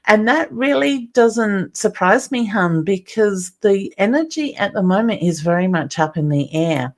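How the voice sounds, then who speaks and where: Hosting a psychic-medium live stream, an Australian woman greets viewers by name and reads their comments aloud in a warm, chatty way. Her voice is on the low side.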